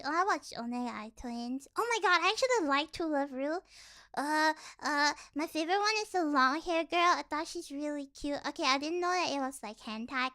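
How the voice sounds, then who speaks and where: A woman's voice: high voice, fairly bright tone. A young woman streamer chatting casually, rambling with lots of "like" and restarts, playful and mocking. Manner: rambling, heavy use of "like", many restarts.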